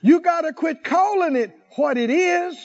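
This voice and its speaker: A man's voice: very high voice, measured pace, muffled recording. A male preacher delivering a rousing sermon, calling out to the congregation and laughing often.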